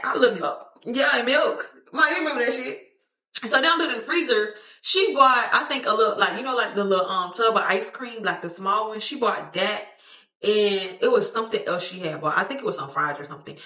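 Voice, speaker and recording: A young woman tells a casual storytime vlog, her voice bright and forward. She is animated and slangy, swears freely and acts out what others said. The sound is roomy, with a noticeable echo. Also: fairly high pitch, moderate pace. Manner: expressive, slangy, profane, acts out quotes, laughs often. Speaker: storytime vlogger. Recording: echoey room.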